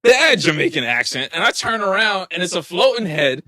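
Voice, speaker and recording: A man co-hosting a podcast, giving a casual, joking movie recap full of slang and quick laughs. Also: high voice, no room sound. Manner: animated storyteller, slangy, laughs often. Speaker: podcast co-host.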